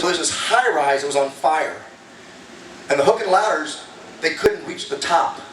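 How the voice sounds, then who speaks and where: High-voiced male comedian in an echoey club. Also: fairly bright tone, recorded from a distance, a little hiss or hum. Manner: casual, chatty, banters with the audience. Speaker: stand-up comedian. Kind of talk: stand-up comedy set. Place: comedy club stage before a live audience. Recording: echoey club recorded from afar.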